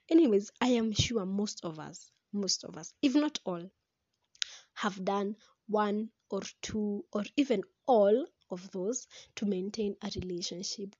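A young woman talks straight to camera in an animated, chatty way. Her voice sits at a middle pitch. The sound is dry and a little dull. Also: husky, dry recording. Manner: chatty and animated, breaks into laughter, slips into Swahili. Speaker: vlogger. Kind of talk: casual talk to camera about relationships.

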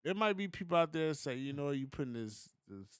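A man co-hosting a podcast, giving his opinions in a relaxed, slangy, casual chat. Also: a little high, a little fast, smooth, no room sound, studio quality. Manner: laid-back, opinionated, slangy. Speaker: podcast co-host.

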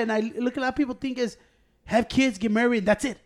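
Fast, high-voiced man swearing loudly. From Mexican family. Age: 30s. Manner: loud, swearing, mixes in Spanish, laughs often. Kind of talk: casual chat.

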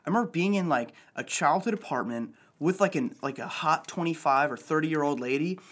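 A young man in casual chat, telling stories in an animated way and swearing often. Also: fairly high pitch, fairly quick. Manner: animated storyteller, swears a lot.

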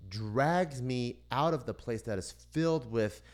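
A man on a casual podcast, telling a story in lively, profane fashion and acting out the people in it. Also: medium pitch, measured pace. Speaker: podcast co-host.

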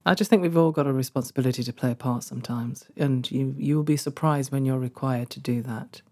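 A middle-aged woman telling a personal story in an interview, earnest and warm, laughing often and growing emotional. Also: extremely low pitch, fairly quick. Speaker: guest, former social care worker. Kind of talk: conversational storytelling.

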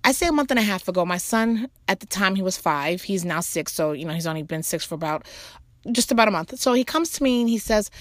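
A woman, a mother, talking casually about faith and trust, telling a rambling personal story full of "you know" asides and animated jumps in her voice. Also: mid-range voice, fast talker, dry recording. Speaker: mother sharing a faith talk.

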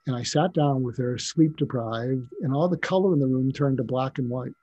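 Older man, husky mellow reflective storyteller. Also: mid-range voice, no echo, muffled recording. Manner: reflective, halting, with frequent restarts. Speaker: psychiatrist. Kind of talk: personal storytelling in a conversational interview.

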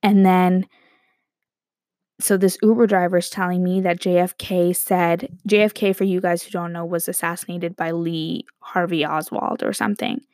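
A young woman casually telling a rambling story to her viewers, animated and quick to laugh. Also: lowish voice, no echo, studio quality. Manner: animated, rambling, breaks into quoted voices and laughs.

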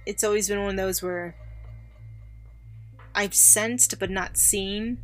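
A woman's voice: medium pitch, slow pace, soft background music. Chatty woman telling a spooky story. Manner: chatty, animated when quoting others. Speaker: podcast co-host. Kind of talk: casual storytelling chat.

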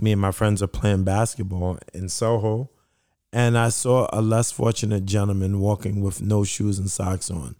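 A man's voice: fairly low pitch, warm tone, no room sound, studio quality. A middle-aged man, telling his story in an interview in an earnest voice that repeats itself and acts out quoted dialogue. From Brooklyn, New York. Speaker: founder of a sneaker charity.

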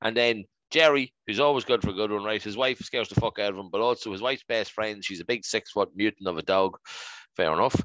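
A man's voice: lowish voice, a little fast, fairly bright tone, no echo, dull audio. A man, co-hosting a podcast, running through listener replies in upbeat casual chat. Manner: upbeat, reads listener replies, fond of "right?". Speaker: podcast co-host.

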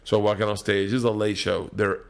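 A middle-aged man telling wild stand-up stories in a casual, profane talk, swinging between loud and hushed. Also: on the low side, level tone, fast talker, gravelly. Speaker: guest comedian. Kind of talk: casual podcast storytelling.

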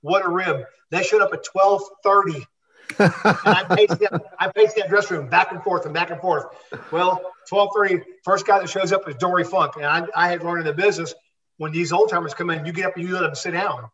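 A man's voice: sits high, a little fast, fairly bright tone, roomy sound. An older man, a former wrestler, telling rambling stories as an interview guest, with lots of restarts. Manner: rambling anecdotes with many restarts. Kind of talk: storytelling in a live interview. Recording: distant dull lo-fi sound.

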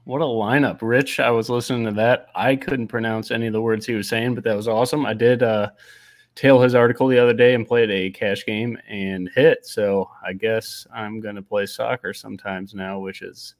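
A man's voice: lowish voice, fairly even intonation, moderate pace, no room sound. A young man with a Midwestern accent, a podcast guest talking casually and with self-deprecating humor. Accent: Midwestern American.

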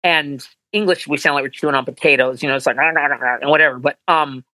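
A man being interviewed as a voice actor, telling animated anecdotes and acting out quotes in higher voices. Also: fast, no echo, rough recording. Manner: animated storyteller, acts out quotes in high voices. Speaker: voice actor guest.

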